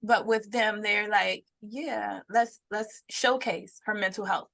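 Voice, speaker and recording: A woman's voice: medium pitch, slow pace, gravelly. Young woman podcast co-host, chatty storyteller, mid-range voice. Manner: animated storytelling, acts out quotes. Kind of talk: casual chat.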